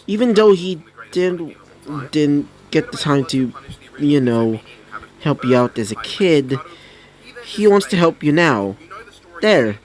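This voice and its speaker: A man's voice: on the high side, very animated, slow pace, pauses often. A man voicing a pushy, cheerful teenage ninja girl in a raised, coaxing and teasing voice with hesitant fillers.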